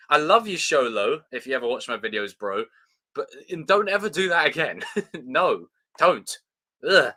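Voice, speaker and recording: Excitable, sweary British man. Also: a little high, moderate pace. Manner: excitable and sweary, with frequent fillers. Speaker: show host. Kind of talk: casual live review chat.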